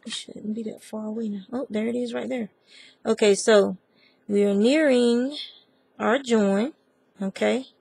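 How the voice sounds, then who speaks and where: A woman's voice: fairly high pitch, fairly even intonation, measured pace, creaky, darkish tone, husky. A woman with a Southern US accent giving a chatty, rambling crochet tutorial and talking straight to her viewers. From American South. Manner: chatty, digressive, talks to viewers as y'all. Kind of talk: casual crafting tutorial.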